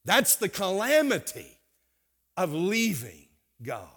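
A middle-aged man preaching a sermon, swinging from hushed, quiet passages to loud, emphatic ones. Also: sits high, wildly swooping pitch, slow pace, breathy edge. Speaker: pastor.

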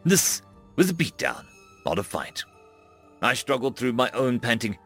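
Guy reading a sci-fi audiobook, dramatic, pitch jumps around a lot, quiet music behind. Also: measured pace, pauses often. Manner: dramatic, expressive storytelling. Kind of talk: first-person sci-fi audiobook narration.

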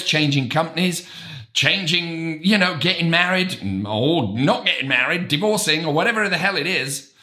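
A middle-aged man, a real estate broker, giving an emphatic, animated motivational talk. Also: fairly high pitch.

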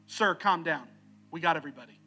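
A man's voice: a little high, fast talker, sharp tone, husky, soft background music. A man acting out a raft guide who impatiently brushes off a worried father. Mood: dismissive. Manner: curt, impatient reassurance. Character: dismissive male raft guide, brushing off worry.

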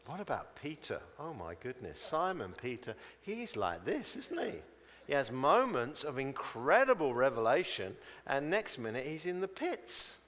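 A man's voice: mid-range voice, very animated, a little slow, a bit bright, in a large hall. A man preaching a chatty sermon, telling stories and acting out their people in voices.

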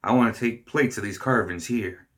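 A man's voice: fairly low pitch, normal speed, lightly acted. A man voicing a skinny, privileged male explorer who gives eager commands to his hired hands.

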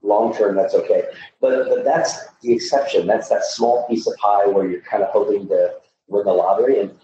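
A middle-aged man coaching loan officers in a podcast conversation, emphatic, with frequent restarts. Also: on the low side. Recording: echoey, dull, distant mic with faint noise.

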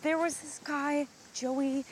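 A woman's voice: high-pitched, steady tone, takes it slowly, a little hiss or hum. An actress playing a guilty wife who hesitantly confesses to her husband in film dialogue.

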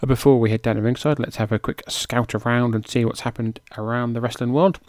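A man's voice: medium pitch, steady tone, a little fast, darkish tone, dry recording, clean studio sound. A man hosting a podcast in a chatty, self-mocking way, now and then tripping over names. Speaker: podcast host. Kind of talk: casual podcast narration.

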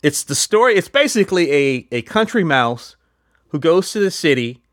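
A man's voice: on the high side, big pitch swings, normal speed, a bit bright, dry recording, clean studio sound. A man casually chatting as a podcast host, rambling with lots of fillers and restarts. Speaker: podcast host reviewing films. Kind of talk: casual chat.

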